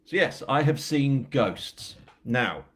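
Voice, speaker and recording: A man's voice: mid-range voice, expressive, slow pace, a bit bright. A man with a northern English accent, an author chatting casually and telling a story at a live book launch, rambling with self-mocking asides. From England.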